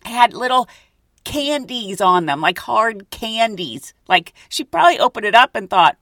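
Female podcast host, self-mocking storyteller, very animated pitch, dry closet recording. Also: a little slow, no room sound. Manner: chatty, giggly, self-mocking. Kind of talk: casual storytelling monologue. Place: closet at home.

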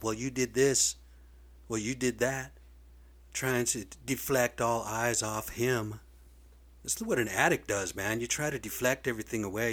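A man's voice: mid-range voice, a bit bright. A man ranting in a vlog monologue, blunt and profane, getting worked up and swearing freely. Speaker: video blogger. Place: lives in Seattle area.

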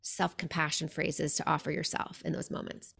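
Woman podcast host, meditation teacher, earnest, chatty "like"s, lowish voice. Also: little pitch movement, moderate pace, gravelly, breathy edge. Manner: earnest, warm-hearted storytelling with frequent "like". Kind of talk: podcast conversation.

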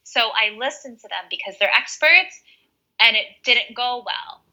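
An American woman, a guest business coach, speaks earnestly and emotionally over a video call in a casual interview, swearing offhandedly. Her voice is on the high side, expressive, a little slow, and pushed and bright, with low recording quality.

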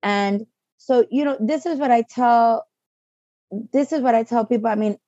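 A woman's voice: a little high, normal speed, dry recording, dull audio. A middle-aged woman chatting casually as a guest, telling a story and acting out the voices of others. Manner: animated storyteller acting out quotes. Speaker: client, podcast guest. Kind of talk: casual conversation.

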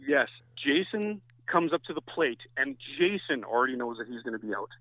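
A man's voice: mid-range voice, very animated, normal speed, no echo. Canadian male guest, rambling storyteller, thin phone-line audio, dead dry. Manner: rambling anecdotes with many restarts. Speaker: guest, softball pitcher. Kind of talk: casual chat, storytelling.

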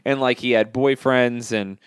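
A man's voice: mid-range voice, fairly even intonation, measured pace, smooth, no room sound, clean studio sound. A man co-hosting a casual, crude comedy chat, rambling and swearing freely while he has the hiccups. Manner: profane, rambling, jokey. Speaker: podcast co-host.

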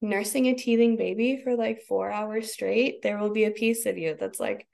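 Podcast guest, woman, 30s; raspy fry, lively and expressive, voices her own thoughts. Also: mid-range voice, normal speed, few pauses. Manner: expressive, laughs often, acts out her own inner voice. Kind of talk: casual conversation.

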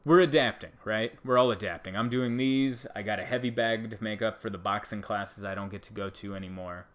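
A man's voice: lowish voice, brisk, fairly bright tone. A man who works as a stand-up comedian, talking to camera in a casual, sarcastic, rambling monologue.

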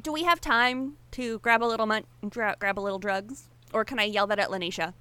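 Young-sounding woman player, high and bright, giggly, curses casually. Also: brisk, a little hiss or hum. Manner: laughing, lively, swears casually. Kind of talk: casual tabletop play.

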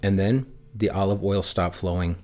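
A man with a fairly low voice reads scripture aloud for his church. His delivery is measured and steady, and he slows down on key phrases. It sounds like a scripted daily reading. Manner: lifts his voice for shouted lines in the text. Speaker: Bible reader for a church.

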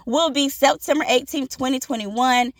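A woman hosting a podcast, telling an inspirational story in an animated, preachy way and acting out the voices in it. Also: sits high, normal speed, dry recording, studio quality. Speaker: podcast host.

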